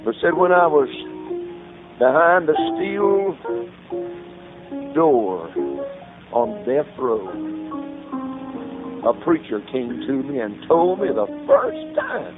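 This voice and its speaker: Slow-preaching man over a tinny old recording. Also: medium pitch, big pitch swings, music in the background. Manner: slow, drawn-out delivery, breaking into song. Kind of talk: sermon with sung hymn.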